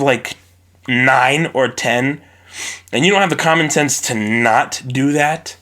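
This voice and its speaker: Man ranting on a phone-recorded podcast. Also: high-pitched. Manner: animated, profane, ranting. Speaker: podcast host. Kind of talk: solo podcast rant.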